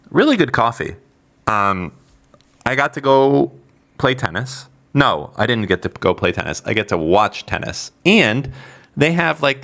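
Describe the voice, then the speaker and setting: A man's voice: mid-range voice, creaky, sharp tone. A man co-hosting a podcast, chatting in a rambling, sarcastic, jokey way. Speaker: podcast co-host. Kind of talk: casual podcast chat.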